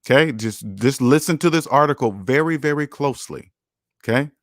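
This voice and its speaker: A man's voice: mid-range voice, moderate pace, no echo, studio quality. Emphatic, preachy man lecturing on debt. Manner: emphatic, repetitive, lecturing, swings loud and soft. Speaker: personal finance vlogger. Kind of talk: preachy video commentary reading an article.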